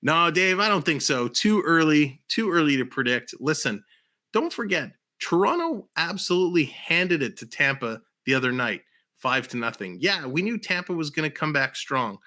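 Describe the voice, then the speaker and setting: A man's voice: a little high, sing-song, moderate pace, pushed and bright. A man hosting a live hockey stream, giving upbeat, chatty commentary and reading off game stats.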